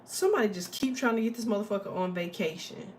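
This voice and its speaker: A woman in a mid-pitched voice giving an offhand spiritual reading. She talks bluntly and swears freely, circling back on herself with many fillers. There is faint noise behind her. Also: fast talker. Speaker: astrology and tarot reader.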